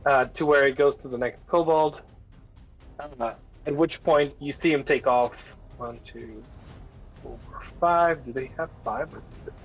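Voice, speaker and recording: Male game master with a mid-pitched voice, rambling narration full of fillers; dull lo-fi sound, faint music behind. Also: measured pace. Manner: rambling, lots of filler words and restarts.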